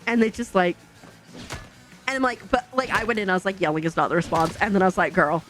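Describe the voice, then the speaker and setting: A woman's voice: mid-range voice, fast talker, fairly bright tone, faint music behind. A woman streamer telling a long family story in casual, chatty talk full of fillers.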